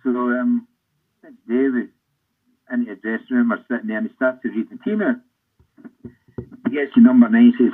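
An older Scottish man, a former footballer, telling rambling anecdotes in an interview with a husky voice. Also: mid-range voice, a little fast, pauses often. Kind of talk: storytelling interview. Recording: tinny phone-like line.

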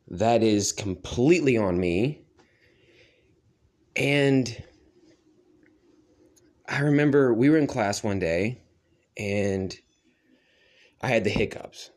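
A young man telling a personal story in a loose, profane way and laughing at himself. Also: lowish voice. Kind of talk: casual storytelling monologue.

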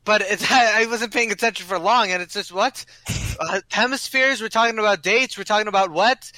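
A man on a casual group podcast call, scattered and halting, often repeating himself. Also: high voice, bright, forceful tone, dry recording, low-quality recording. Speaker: podcast co-host.

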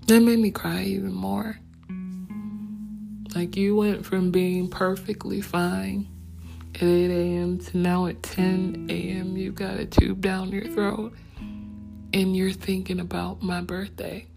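A woman recounts her own story in a slow, subdued, reflective way. Her low voice is gravelly and stays fairly flat in pitch, with an unhurried pace. Soft acoustic guitar music plays clearly behind her. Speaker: vlogger telling her family story. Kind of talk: personal storytelling.

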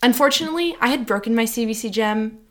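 A woman's voice: on the high side, fast talker. A young adult woman co-hosting a casual chat podcast, chatty and rambling, often correcting herself mid-sentence. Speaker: podcast co-host.

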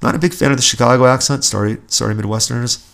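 A man's voice: mid-range voice, steady tone, quick pace, gravelly, fairly bright tone. A man from California, hosting a political podcast with sarcastic, indignant commentary. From Southern California, USA. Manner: indignant, sarcastic, emphatic with repeated restarts. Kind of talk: opinionated solo commentary.

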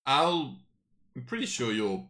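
A man's voice: medium pitch, sing-song, unhurried, a bit bright. A man running a tabletop game as game master, talking in a casual, rambling, crude way.

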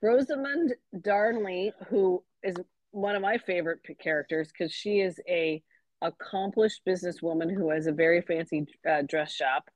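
A young woman co-hosting a book podcast, casually recapping a plot with relaxed fillers. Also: on the low side, normal speed, no echo. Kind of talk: casual chat. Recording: slightly dull, lo-fi sound.

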